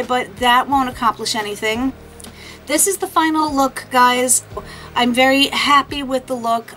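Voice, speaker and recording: A woman's voice: a little high, pushed and bright, a little hiss or hum, low-quality recording. Chatty self-deprecating woman, beauty vlogger. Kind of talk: casual makeup vlog to camera.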